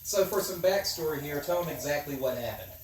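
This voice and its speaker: A man's voice: a little high, expressive, a little fast, roomy sound, slight background noise. A man hosting a podcast, chatting casually in a joking, rambling way. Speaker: podcast host. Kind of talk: casual chat.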